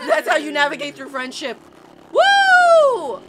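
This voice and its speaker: Excitable high-voiced young woman reacting. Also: moderate pace, heavy background noise. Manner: excitable, exclaims and laughs often. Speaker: reaction video host. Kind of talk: casual reaction commentary. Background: video soundtrack music playing.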